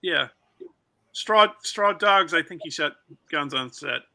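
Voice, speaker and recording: A man from Canada with a high, gravelly voice and a very sharp, bright tone. He chats casually, firing off questions and halting when he cannot remember details. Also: expressive. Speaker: podcast co-host. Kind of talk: casual chat.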